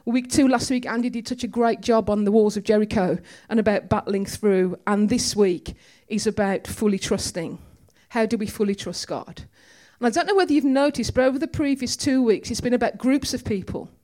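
A woman's voice: fairly high pitch, moderate pace, few pauses, dark tone. A woman giving a conversational, storytelling sermon in a church. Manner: chatty, storytelling, with humor. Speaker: preacher.

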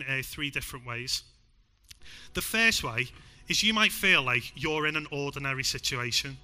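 Bright-voiced Scouse preacher. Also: male voice, on the high side. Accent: Liverpool (Scouse). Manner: emphatic, swings from loud to hushed. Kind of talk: sermon. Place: church.

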